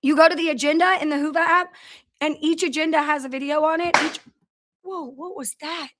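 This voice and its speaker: A woman with a high-sitting voice hosts a casual company livestream from her office in a large factory building, speaking quickly with fairly even intonation over a noisy background. She greets viewers by name and tells stories in a chatty way.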